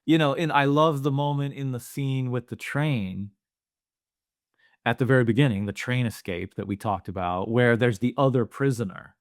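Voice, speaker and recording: Male podcast co-host, mid pitch, earnest rambling style, dry close mic. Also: normal speed, no echo. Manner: earnest, thinks aloud with many fillers. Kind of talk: casual movie discussion.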